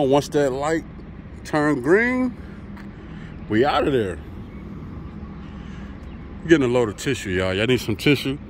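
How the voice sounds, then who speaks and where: Slow, animated trucker man. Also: mid-range voice, a little hiss or hum. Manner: laid-back, chatty, talks straight to viewers. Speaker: truck driver vlogger. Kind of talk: casual vlog talk to camera. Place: outdoors by a truck at a loading site.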